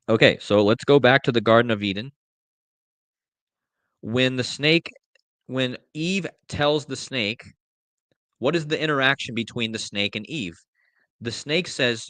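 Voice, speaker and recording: A man hosting a live commentary show, speaking slowly and emphatically, repeating himself and addressing his viewers directly. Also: medium pitch, animated, a bit bright, dry recording. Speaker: host. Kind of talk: live commentary reading lyrics aloud.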